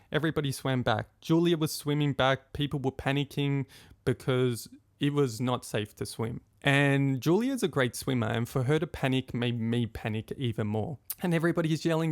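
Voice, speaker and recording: A young man tells a personal story on his podcast with plenty of life, slipping into the voices of his friends and of his own past thoughts. His voice has a gravelly edge. The recording is dry and close, with no room sound. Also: medium pitch, normal speed, dry recording. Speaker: podcast host.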